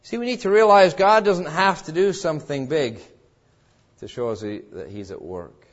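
A man's voice: on the high side, lively intonation, normal speed, dull audio. A man preaching a sermon as pastor, earnest and pleading, asking his listeners direct questions.

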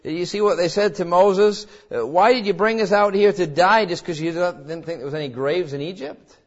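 A man preaching a sermon as pastor, swinging between calm teaching and dramatic, acted-out quoted cries. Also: sits high, moderate pace, lo-fi sound. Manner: preaching with dramatic rises, voicing quoted cries and God's words.

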